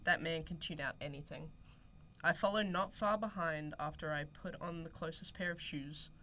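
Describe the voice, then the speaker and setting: Low-pitched young Australian woman, student radio host, relaxed reader. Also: moderate pace, a little hiss or hum. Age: young adult. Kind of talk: casual chat and reading a story aloud.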